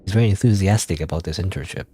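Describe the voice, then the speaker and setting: A man's voice: deep voice, very fast, warm tone, husky. A man streaming a video game, thinking aloud in a casual, rambling way and reading in-game text. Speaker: gaming streamer. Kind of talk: let's play commentary.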